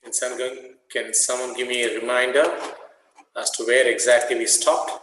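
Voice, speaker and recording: A man's voice: mid-range voice, level tone, normal speed, fairly bright tone, a little hiss or hum. A man teaching a class, patiently explaining word meanings and slipping into Telugu glosses. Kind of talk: classroom lecture. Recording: echoey, reverberant classroom.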